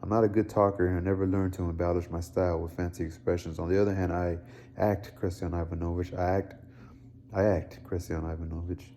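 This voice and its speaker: Timid fumbling clerk, low flat voice, stumbles over his words, a man reading. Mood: anxious. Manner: halting, repeats himself. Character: timid fumbling middle-aged male clerk.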